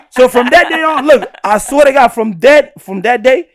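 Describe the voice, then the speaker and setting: A young man from Guinea, a podcast guest telling a story in casual chat, animated and laughing, often checking in with "right?". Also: very high-pitched, a little fast.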